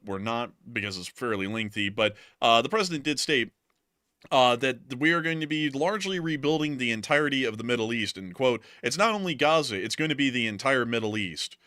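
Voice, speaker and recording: A man's voice: medium pitch, animated, normal speed, bright, forceful tone, no room sound, studio quality. A man hosting a live news stream, folksy and chatty, often calling his viewers folks. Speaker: livestream news host. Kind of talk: casual live news commentary.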